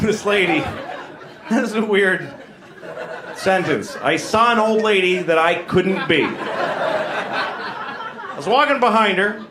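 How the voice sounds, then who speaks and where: Crude deadpan stand-up man, higher voice. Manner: deadpan, crude, self-deprecating musings. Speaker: stand-up comedian. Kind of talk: stand-up comedy set. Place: comedy stage before a live audience. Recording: live stand-up with audience laughter.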